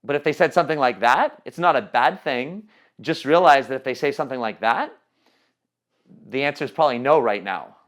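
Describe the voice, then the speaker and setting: A man's voice: mid-range voice, animated, fairly quick. A man leading a training call on coaching sales, talking casually with many fillers and restarts. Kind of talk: teleconference training talk.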